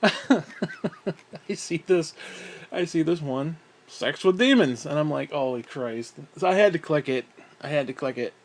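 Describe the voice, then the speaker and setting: A man's voice: a little high, expressive, measured pace. A young man rambling through a casual, profane vlog monologue, often breaking into laughs and sighs. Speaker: vlogger.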